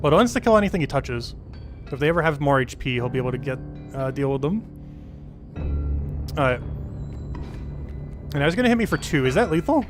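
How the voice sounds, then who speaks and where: A man's voice: fairly high pitch, lively intonation, over music. Man thinking aloud over a card game. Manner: thinks aloud, reads game text slowly with fillers. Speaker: gaming streamer. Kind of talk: casual live-stream commentary.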